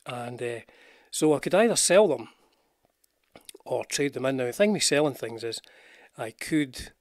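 A man's voice: mid-range voice, expressive, unhurried, a little mellow, dry recording, clean studio sound. Rambling older Scottish man. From Scotland. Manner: rambling, chatty, self-deprecating, greets viewers in the chat. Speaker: guitar channel host. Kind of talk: casual live-stream chat. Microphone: wearing headphones with a desk mic.

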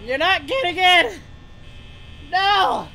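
A man voicing the adult male anime hero Goku in a high, strained cartoonish voice, yelling crude insults in panicked comedic gameplay commentary. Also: very animated, takes it slowly, a little hiss or hum, full character voice, low-quality recording. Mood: angry. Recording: loud game music behind.

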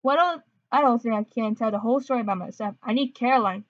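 A woman's voice: fairly high pitch, fast talker, no room sound, lightly acted. A woman voicing a tough but loving teenage boyfriend in a plain, sincere tone, on a dull lo-fi recording.

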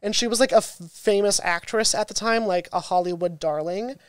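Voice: mid-range voice, a little fast, smooth, dry recording. A podcast co-host telling a story in a chatty, casual way.

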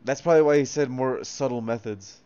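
A man's voice: medium pitch, fairly quick, muffled recording, heavy background noise. A young man reading a comic with friends, making chatty, laughing comments. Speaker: co-reader. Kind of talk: casual reading aloud with friends.

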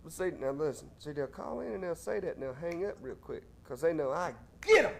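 A man hosts a call-in TV show, his voice pitched high. He jokes and boasts in a casual drawl while taking calls. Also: lively intonation, fairly quick, gravelly. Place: TV studio.

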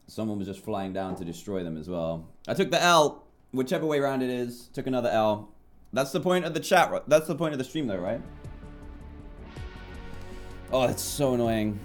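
A man's voice: mid-range voice, lively intonation, fairly quick, soft background music. Chatty British man streaming a game. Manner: chatty, reads out donor names, apologetic. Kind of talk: live game stream commentary.

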